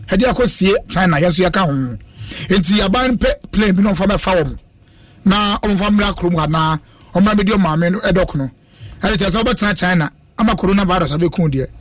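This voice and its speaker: A man's voice: sits high, no echo. A man hosting a casual radio chat, joking and preaching in turn and switching languages as he talks.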